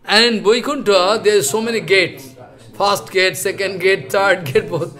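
A man with a high speaking voice leads a scripture class, retelling a sacred story. He talks in a halting, repetitive way with non-native English phrasing, often restarting his sentences. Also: fairly even intonation, a bit bright. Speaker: scripture lecturer.

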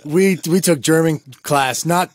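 A man co-hosting a casual podcast, telling rambling, animated stories with lots of restarts. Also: a little high, unhurried. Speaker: podcast co-host. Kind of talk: casual chat.

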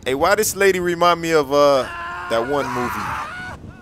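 A young man giving casual, excitable game commentary, full of slang and repeated reactions. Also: a little high, a little slow, noisy background. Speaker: gameplay commentator.

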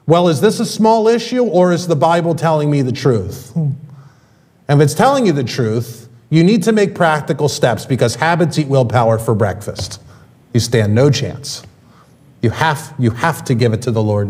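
A man preaching a sermon in a church, his voice pitched high for a man and swinging widely up and down. He talks to the congregation in a loose, conversational way, breaking off for quick asides. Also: a little mellow. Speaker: pastor. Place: church sanctuary.

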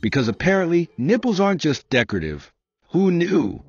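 A man's voice: fairly high pitch, big pitch swings, normal speed, husky, dry recording, lo-fi sound. A man telling a comic story in a scripted monologue, wry and self-mocking. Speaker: comedic storyteller.

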